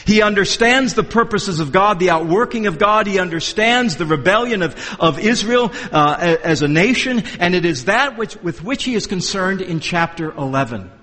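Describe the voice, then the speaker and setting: A man's voice: sits high, lively intonation, normal speed, few pauses, sharp tone, in a large hall. A man preaching an expository sermon, emphatic and repetitive, often restarting his sentences mid-thought. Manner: emphatic, repeats phrases for stress. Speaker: pastor.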